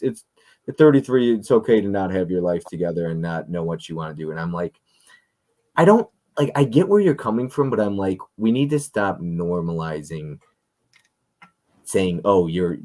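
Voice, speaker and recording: Deep-voiced blunt man in his thirties. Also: a little mellow. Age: 30s. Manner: blunt, opinionated, swears freely. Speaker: podcast host. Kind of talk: casual chat.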